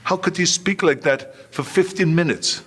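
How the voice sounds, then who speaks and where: An older man as an interview guest, telling animated anecdotes and acting out the lines of the people he quotes. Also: high-pitched, normal speed. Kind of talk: storytelling in an interview.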